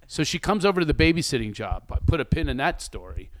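Animated older man telling stories. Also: a little high, fast talker, no room sound. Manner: animated storyteller who acts out quoted lines; laughs often while talking. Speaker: podcast host. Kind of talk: casual podcast chat.

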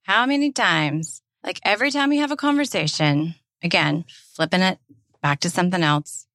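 A woman's voice: lowish voice, normal speed, fairly bright tone, dry recording, studio quality. A woman with a Southern US accent, co-hosting a podcast in casual chat, emphatic and impassioned, swearing freely. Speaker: podcast co-host.

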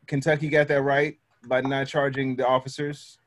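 A man hosting a panel discussion, cutting in to steer the talk with quick questions. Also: mid-range voice, little pitch movement. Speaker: host. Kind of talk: moderating a panel.

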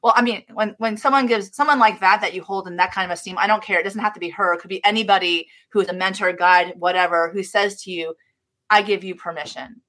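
A middle-aged woman, a guest author, telling a story in an interview in an expressive way, with many restarts. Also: mid-range voice, fast, hardly any pauses. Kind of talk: storytelling in a live-streamed interview.

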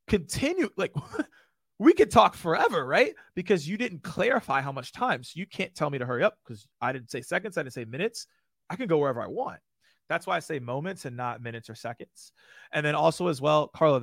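A man giving a live online sales lesson, energetic and casual, acting out friendly phone openers and checking in with "right?" often. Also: on the high side, dry recording, clean studio sound. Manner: energetic, demonstrates phone lines with a friendly laugh; casual, frequent rhetorical "right?". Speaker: sales trainer.

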